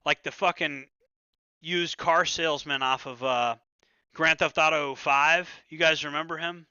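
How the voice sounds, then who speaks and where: A man's voice: fairly high pitch, fairly even intonation, a little slow, sharp tone, clear, resonant tone, no echo, muffled recording. A man hosting a livestream, chatting casually and loosely, with plenty of swearing and stammered restarts. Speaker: livestream host. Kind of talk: casual rambling livestream chat.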